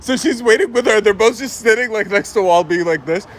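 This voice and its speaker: A man from Egypt telling a story in a chatty, animated way, filling his speech with "like" and "right?". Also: sits high, quick pace. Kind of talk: casual storytime vlog.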